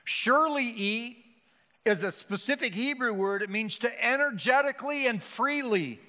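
A man's voice: extremely high pitch, normal speed, pushed and bright. A male pastor preaching a sermon with emphatic, rhetorical delivery and frequent restarts. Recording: hall reverb.

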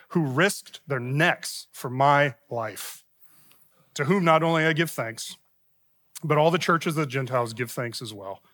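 A middle-aged man preaches a sermon, his voice sitting a little higher than most men's. He talks like he is telling a story to friends, acting out the people he quotes. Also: fairly bright tone. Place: church sanctuary.

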